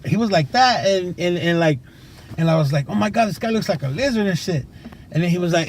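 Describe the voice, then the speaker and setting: Casting: a man with a fairly high voice, loose slangy storyteller, recorded on a tablet outdoors with loud traffic behind him. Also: lively intonation, fast. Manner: casual, slangy and profane, with many fillers. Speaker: recovering addict telling his story. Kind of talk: unscripted personal storytelling. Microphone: tablet camera mic. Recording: noisy street and traffic sound.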